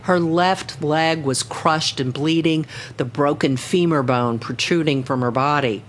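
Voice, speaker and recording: A woman reporter narrating a scripted radio news story in a measured, even way. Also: low voice, slight background noise.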